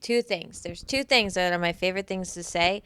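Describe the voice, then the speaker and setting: A woman's voice: fairly low pitch, normal speed, fairly bright tone, smooth, no echo. A woman co-hosting a casual podcast chat, speaking emphatically and repeating her points, swearing freely and sounding tired. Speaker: podcast co-host and healing-session facilitator.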